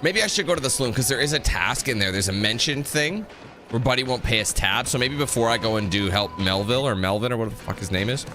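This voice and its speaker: A fast-talking man with a mid-range voice comments on the video game he's playing while music runs in the background. The gaming YouTuber is chatty and rambling, often stopping to correct himself mid-sentence.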